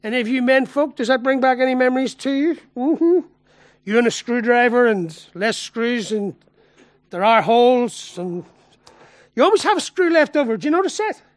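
A man's voice: extremely high pitch, expressive, normal speed, no room sound. A man preaching a sermon, telling a personal story earnestly and building to emphatic peaks.

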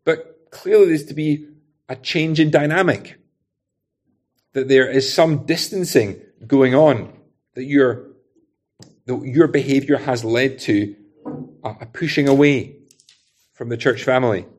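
A man's voice: mid-range voice, unhurried, long pauses. A man preaching an expository sermon in a conversational way, often adding rhetorical tag questions.

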